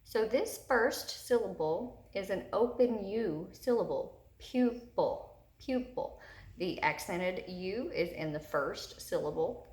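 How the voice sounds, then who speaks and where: A third grade teacher with a mid-range, animated, slightly mellow voice gives a recorded lesson to young children. She speaks slowly and patiently, guiding them through each step, in an echoey room.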